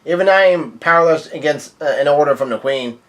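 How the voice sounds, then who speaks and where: A man's voice: on the high side, a little fast, lightly acted. Man reading a fearful talking tree lord. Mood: worried. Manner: read out in the narrator's own casual voice.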